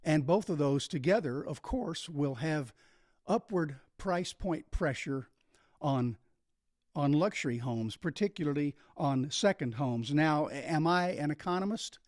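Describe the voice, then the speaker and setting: A man's voice: on the high side, expressive, unhurried, a little mellow, no echo, clean studio sound. A man hosting a videocast, explaining a topic on his own in an emphatic way. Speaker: videocast host. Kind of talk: solo explanatory talk.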